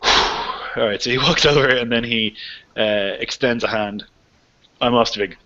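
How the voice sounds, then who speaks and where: A man's voice: medium pitch, steady tone, a little slow, sharp tone. A man narrating as game master in a casual, rambling way, with lots of "like" and "um". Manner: loose and rambling, full of "like" and "um". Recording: lo-fi, dull recording.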